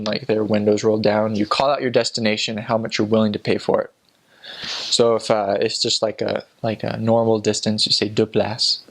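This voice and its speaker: A man's voice: lowish voice, gravelly, poor audio. A young man, a returned missionary, telling stories in a casual, chatty way. He uses many fillers and restarts, and he acts out the voices of the people in his stories. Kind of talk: casual storytelling.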